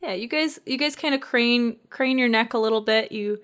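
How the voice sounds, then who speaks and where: A woman running a tabletop game as game master, describing scenes in a relaxed, rambling way. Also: fairly high pitch, moderate pace.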